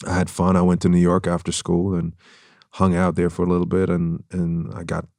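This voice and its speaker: A man from Germany with a slight German accent, a guest speaking in a reflective, measured way in a casual interview. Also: deep voice, completely flat delivery, vocal fry, darkish tone, no echo. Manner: reflective, measured, with many restarts. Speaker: guest actor. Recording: dry studio sound.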